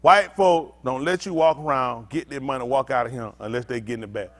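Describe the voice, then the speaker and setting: A man preaching a sermon-style teaching with call-and-response. He talks bluntly, swinging between loud emphatic outbursts and low muttered asides. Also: brisk. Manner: blunt, street-talking preacher. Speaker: pastor.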